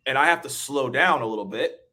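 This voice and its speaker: Upbeat quick-talking man hosting. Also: medium pitch. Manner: energetic, quick talker who laughs easily. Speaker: webinar host. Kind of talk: casual webinar chat.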